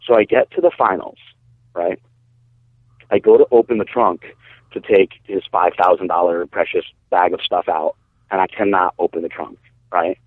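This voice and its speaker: A man telling a long story in casual podcast talk, animated, swearing and acting out what people said. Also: low-pitched, normal speed, husky, no echo. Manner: animated, swearing, acts out quotes. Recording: dry, phone-like narrow sound.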